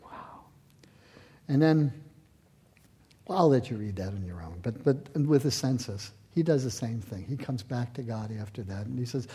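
A man in his sixties, a pastor preaching a sermon, moving from loud emphatic lines to hushed near-whispers. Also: mid-range voice, expressive, moderate pace, husky.

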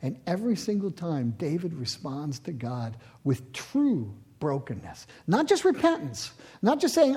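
A man in his sixties, a pastor preaching a sermon, moving from loud emphatic lines to hushed near-whispers. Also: sits high, wildly swooping pitch, unhurried, hardly any pauses, breathy edge.

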